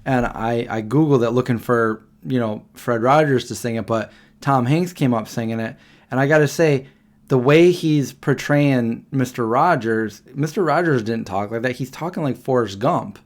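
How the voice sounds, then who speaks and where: Male streamer, mid-pitch, casual rambling talk, answers chat as he goes. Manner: rambling, reacting to chat comments with quick questions. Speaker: livestream host answering chat.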